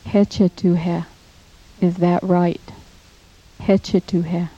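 A woman leads a recorded language lesson at a very slow, measured pace, repeating each phrase for listeners to copy. Her voice sits low and stays level, with little rise or fall. The sound is dull and lo-fi, from an old cassette tape. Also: level tone, warm tone, slightly rough. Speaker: language teacher.

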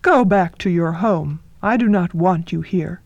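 A woman's voice: on the low side, measured pace, vocal fry, darkish tone, no room sound, highs cut off. Woman voicing a grumpy sleepy rattlesnake. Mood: irritable.

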